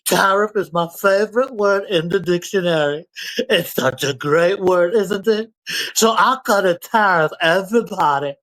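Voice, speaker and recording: A man's voice: high-pitched, normal speed, a bit bright, low-quality recording. A man doing a mocking impression of a boastful male president.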